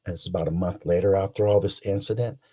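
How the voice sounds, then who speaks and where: A man in his sixties, a guest animatedly telling a long story, excited and rambling with restarts. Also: sits low, fast, husky. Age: 60s.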